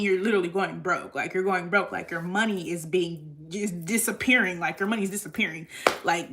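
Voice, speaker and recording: A woman's voice: mid-range voice, background noise. A woman giving a casual tarot reading in a blunt, rambling way, swearing freely. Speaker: tarot reader.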